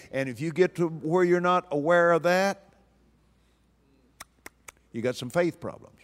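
A man's voice: on the high side, fairly bright tone. An older man preaching a sermon in a folksy, emphatic way, repeating phrases for stress. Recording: long hall reverb.

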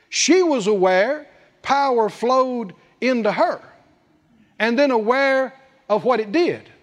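A man preaching a sermon, emphatic and full of rhetorical questions, repeating scripture phrases for weight. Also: very high-pitched. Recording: long hall reverb.

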